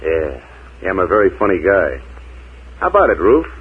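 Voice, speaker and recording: A man's voice: low voice, very animated, fairly quick, breathy edge, exaggerated voice. An actor playing a cocky, ruthless male gangster in a 1940s radio play, taunting in clipped slang. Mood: sardonic. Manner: taunting, clipped slang with repeated "see?" and "baby". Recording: tinny old radio broadcast.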